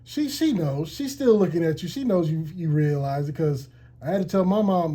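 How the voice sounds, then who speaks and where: A man interviewing a guest in casual radio talk, animated and full of slang and swearing. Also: a little high, moderate pace.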